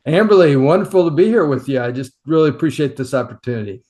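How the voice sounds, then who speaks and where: A man being interviewed as a guest author and editor, speaking in a friendly, measured way. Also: on the high side, expressive, a little mellow. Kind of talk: casual interview.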